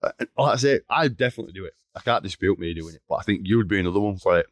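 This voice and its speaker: A man's voice: sits low, animated, very fast, no room sound, clean studio sound. A young man, co-hosting a podcast in casual joking chat, teasing his friend and laughing a lot. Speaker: podcast co-host.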